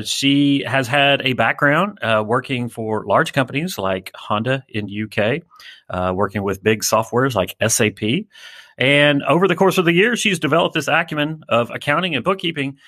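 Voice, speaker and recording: Male show host, bright forceful voice, dry close sound, energetic and friendly. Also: mid-range voice, no room sound. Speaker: podcast host. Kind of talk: hosting an interview show.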